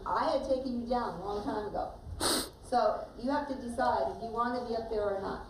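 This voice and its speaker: A woman's voice: a little high, brisk, echoey room, distant mic, noisy background. A woman teacher firmly directing children in a class play.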